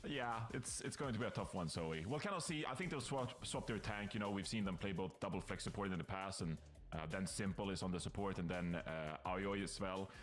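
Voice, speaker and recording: A man's voice: low voice, fairly quick, soft background music. A man casting an esports match, giving hesitant, hedging analysis. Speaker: esports caster. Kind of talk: esports commentary.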